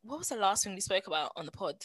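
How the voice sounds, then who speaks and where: A woman co-hosting a podcast in casual chat, animated and slangy, full of exclamations. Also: mid-range voice, rapid-fire, husky, dry recording. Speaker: podcast co-host.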